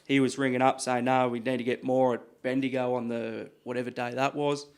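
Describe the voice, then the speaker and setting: An Australian man telling stories in a casual podcast chat, animated and swearing freely. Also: medium pitch, a little fast, clean tone. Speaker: podcast guest, butcher. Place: podcast studio.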